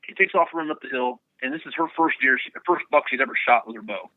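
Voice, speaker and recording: A man, a bowhunter guest, telling a hunting story in an excited, casual way. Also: mid-range voice, fast, no echo. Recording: phone-like narrow sound.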